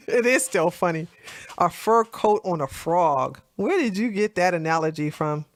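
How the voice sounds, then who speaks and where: A woman hosting a casual political chat livestream, animated and laughing, with lots of fillers and restarts. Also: medium pitch, dry recording. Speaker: livestream host.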